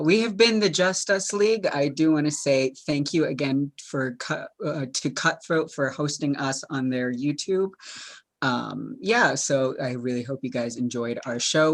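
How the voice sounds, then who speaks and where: Improv host wrapping up the show, relaxed and thankful, mid pitch. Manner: casual, thankful wrap-up. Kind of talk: casual show sign-off.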